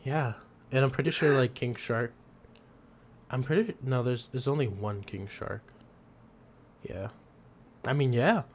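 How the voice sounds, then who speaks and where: A man's voice: medium pitch, measured pace, long pauses, slight background noise. A young man co-hosting a podcast, chatting casually, rambling with frequent laughs and the odd swear. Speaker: podcast co-host. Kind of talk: casual chat.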